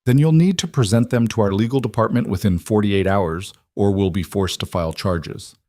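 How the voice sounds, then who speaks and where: A man's voice: on the low side, normal speed, a little mellow, dry recording, clean studio sound, close to an everyday voice. A man voicing a cold corporate HR officer who speaks in a formal, bureaucratic way.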